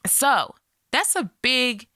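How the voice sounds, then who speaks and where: A woman's voice: sits high, very animated, slow, pushed and bright, dry recording, studio quality. A woman hosting her own podcast, talking in a chatty pep-talk way and often checking in with her listeners. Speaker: podcast host. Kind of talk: solo podcast monologue.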